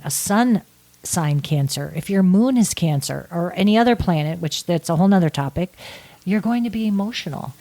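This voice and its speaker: A woman's voice: medium pitch, darkish tone. Woman astrologer explaining in an interview. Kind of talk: casual podcast interview.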